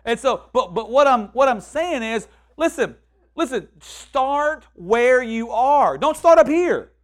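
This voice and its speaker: High-voiced man preaching a casual sermon. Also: takes it slowly. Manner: conversational, repeats words and restarts, quotes people in lively voices.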